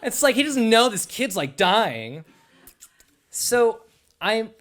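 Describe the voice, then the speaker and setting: A young man telling a personal story live on stage, in an animated, conversational way with lots of "like". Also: on the high side.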